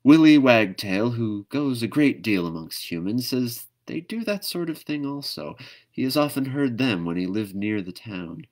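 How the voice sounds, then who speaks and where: A gentle, weary mother kangaroo from a storybook, as a man reads her, raising her voice well above the teller's own. She grumbles and sighs in a fussy, lilting way. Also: medium pitch, sing-song, normal speed, pitched above the performer's own voice, close to an everyday voice. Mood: drowsy. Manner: fussy, sighing complaints.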